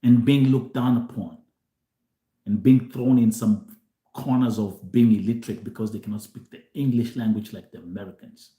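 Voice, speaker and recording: A man's voice: fairly low pitch, fairly even intonation, normal speed, dark tone, echoey room. A man from Kenya hosting a show, talking animatedly to viewers and switching between Swahili and English, often repeating himself. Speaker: host. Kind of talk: live show monologue to viewers.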